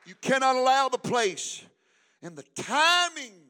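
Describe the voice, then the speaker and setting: Casting: older pastor, man, high piercing voice, preaching with call-and-response, hushed then shouting. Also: sing-song, a little slow, clean tone, some chatter behind. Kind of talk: sermon.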